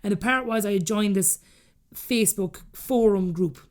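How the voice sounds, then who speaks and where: A woman in her thirties with an Irish accent, a podcast guest telling her story candidly and acting out the things people said to her. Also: mid-range voice. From Ireland. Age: 30s. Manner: rapid, animated, acts out quoted dialogue.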